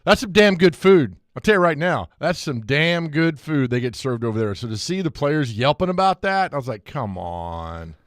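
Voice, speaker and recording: Animated sports radio co-host, man. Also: a little high, no echo, studio quality. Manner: animated, quick to laugh, rambling asides. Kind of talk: casual sports talk radio banter. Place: radio studio. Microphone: studio mic.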